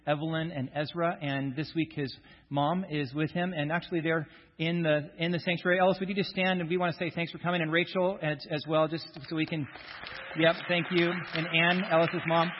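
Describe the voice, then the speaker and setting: A fairly high-voiced male pastor giving a sermon in a church sanctuary, trading light self-deprecating jokes with his congregation before reading from scripture. His voice rings with a long hall reverb, and the recording sounds somewhat dull and muffled. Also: flat delivery, brisk.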